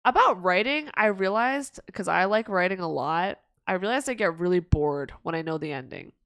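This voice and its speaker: A woman's voice: on the low side, lively intonation, moderate pace, a bit bright, no echo. A young woman chats casually on a livestream, answering viewer questions. Her talk rambles through restarts and giggles. The sound is dry and close to the mic. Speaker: streamer.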